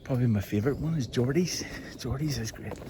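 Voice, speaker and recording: A man's voice: mid-range voice, fast talker. A man from Northern Ireland with a Derry accent, chatting in a rambling, self-deprecating way as he films himself walking outdoors on a phone stick. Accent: Northern Irish, Derry. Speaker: vlogger. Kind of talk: rambling walk-and-talk chat. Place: outdoors on a rural hill walk. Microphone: phone on a selfie stick. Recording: phone mic with clear outdoor background noise. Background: birds and outdoor noise.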